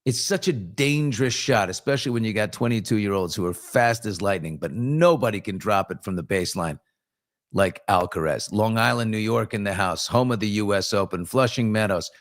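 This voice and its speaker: A man hosting a live morning show, chatting casually and reading out greetings from viewers. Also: fairly low pitch. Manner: chatty, reads out viewer greetings, quick asides. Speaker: host.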